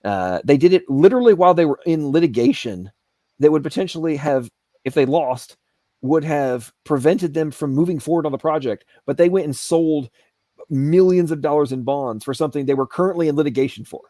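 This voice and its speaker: A man's voice: a little high, a little fast, mellow, no room sound. A man hosting an aftershow, ranting heatedly and sarcastically about government waste. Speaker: show host. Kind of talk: aftershow rant. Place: Asheville home studio.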